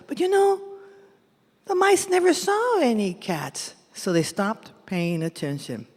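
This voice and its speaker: A woman from San Jose performing a bilingual folk tale live, animated and mixing Spanish with English. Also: mid-range voice, unhurried, husky. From San Jose, California. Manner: animated, switches between Spanish and English phrases. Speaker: storyteller. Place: large event hall. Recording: echoey hall from a live event.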